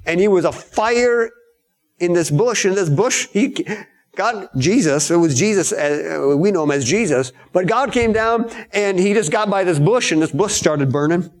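A man preaching a sermon in a storytelling way, acting out the lines of the people in his story with sudden high shouts. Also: lively intonation, moderate pace.

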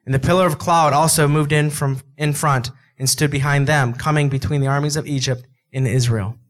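A male preacher with a voice pitched a little high tells a scripture story in a loose, conversational way. He acts out the voices of the people in it. Asides and quick laughs run through his talk. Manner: animated, acts out dialogue with God and Moses. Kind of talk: sermon.

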